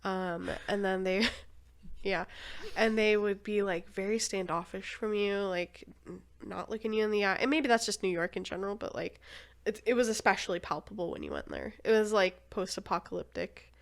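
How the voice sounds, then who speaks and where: A woman hosting a podcast, chatting casually and relaxed, with short agreeing replies. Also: mid-range voice, normal speed, vocal fry. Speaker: podcast host. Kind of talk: casual conversational interview.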